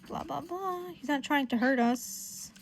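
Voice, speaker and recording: A woman recapping a comic in casual chat, profane, giggly and animated. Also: high-pitched, a little slow, slight background noise. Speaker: comic book reviewer.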